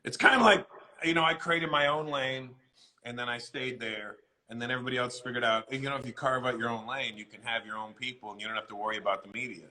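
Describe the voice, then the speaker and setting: A middle-aged male comedian with a bright, forward voice, chatting casually in an interview. He tells animated stories and acts out the voices of the people in them. His pitch sits in the middle range for a man. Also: fast, rough recording.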